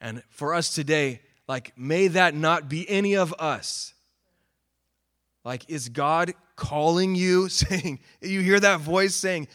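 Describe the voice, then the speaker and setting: A man preaching a sermon, earnest, swinging from emphatic calls to quiet, sober remarks. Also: fairly high pitch, takes it slowly. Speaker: pastor.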